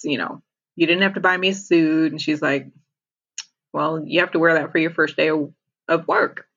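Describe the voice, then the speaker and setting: A woman's voice: low voice, fairly bright tone, slightly rough. Woman recapping a show all chatty, laughs a lot, kinda muffled lo-fi audio. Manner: chatty retelling, laughs often. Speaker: podcast co-host. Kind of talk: casual TV episode recap.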